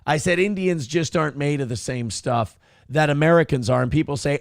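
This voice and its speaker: A male morning show host talks in casual, opinionated chat, crude and full of profanity. His voice sits a bit high with a gravelly edge. The sound is dry and close. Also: expressive, brisk, dry recording.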